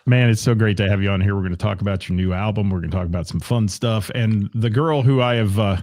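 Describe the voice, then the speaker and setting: A man's voice: fairly low pitch, fast talker, a little mellow, no echo. A man hosting a radio interview show, chatting in an upbeat, casual way with a lot of fillers.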